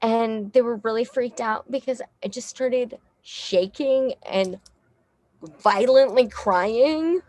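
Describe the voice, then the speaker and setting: A woman's voice: fairly high pitch, takes it slowly, darkish tone, no echo. A young woman from Texas, a musician guest telling a story casually, rambling with lots of fillers, swearing and laughing often.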